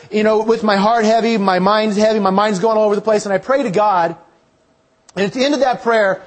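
High-voiced man preaching a sermon. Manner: earnest, repeats rhetorical questions.

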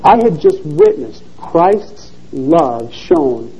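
A man preaching a sermon and reading a story aloud in an earnest, expressive manner. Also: on the high side, drawn-out words, breathy edge, rough recording.

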